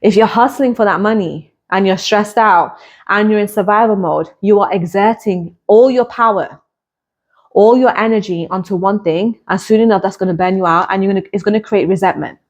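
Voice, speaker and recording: A woman's voice: mid-range voice, moderate pace. A woman podcast host and hypnotist coach in a personal monologue. She speaks candidly and reflectively, building her points through repeated parallel phrases.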